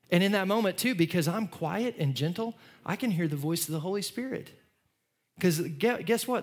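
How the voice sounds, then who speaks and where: Middle-aged guy preaching, kinda high voice, chatty, gets loud then drops real soft. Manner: conversational preaching, repeats words, rises and falls in loudness. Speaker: pastor. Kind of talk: sermon.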